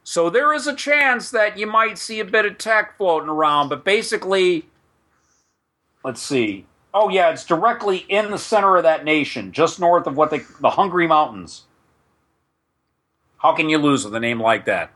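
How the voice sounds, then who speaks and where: A man's voice: fairly high pitch, expressive, moderate pace, sharp tone. A man hosting a tabletop game podcast, chatting in a rambling way with asides to listeners and reading setting text aloud. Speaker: podcast host and game master.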